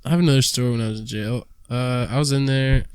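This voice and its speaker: A man's voice: mid-range voice, fairly even intonation, fast talker, clear, resonant tone, no room sound. Crude rambling young man telling stories. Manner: crude rambling storyteller, acts out quoted voices. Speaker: podcast host. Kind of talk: casual chat.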